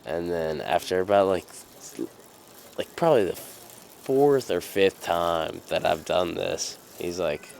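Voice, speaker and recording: Young male storyteller, deep creaky voice, loose rambling delivery with swearing. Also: slow pace, a little mellow, a little hiss or hum. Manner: rambling, many fillers and restarts, casual swearing. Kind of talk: casual personal anecdote.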